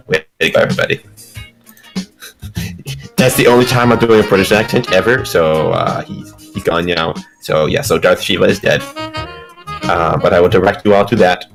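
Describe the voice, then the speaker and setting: Gravelly man running a tabletop game. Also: rough recording. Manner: chatty, self-mocking, breaks into high silly squeals. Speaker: game master.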